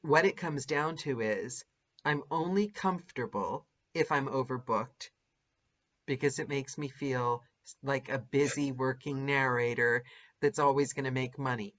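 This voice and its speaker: A woman with a bass voice and measured pace hosts a podcast and also narrates audiobooks. In a casual, animated interview chat with a guest, she laughs often and does lively mimicry, all in dull lo-fi audio.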